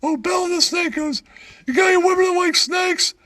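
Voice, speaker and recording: Shrill male emcee, constant giggles, dry close sound, as a man puts him on. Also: a little fast, sharp tone, no room sound. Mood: giggly. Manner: cackles between lines.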